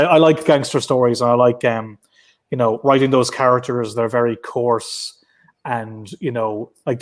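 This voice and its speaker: An Irish man chats casually on a video call, rambling through his thoughts with lots of ums and restarts. His voice sits at an ordinary middle pitch, neither deep nor high. He sounds like a guest answering questions in a relaxed online interview. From Ireland. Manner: rambling, many fillers and restarts. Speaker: comic book writer guest.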